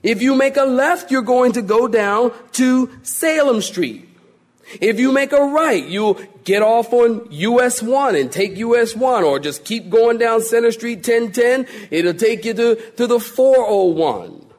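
A man preaching from the pulpit in a high voice that climbs and dips all over the place. He jokes with the listeners and acts out quoted voices as he goes. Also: unhurried. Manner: animated preaching with joking asides and voiced quotes. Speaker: pastor. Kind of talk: sermon.

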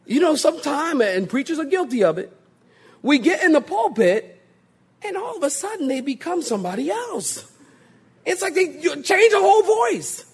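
High, lively, husky preacher man. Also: normal speed. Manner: animated, joking, mimics pompous prayer voices. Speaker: pastor. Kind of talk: sermon.

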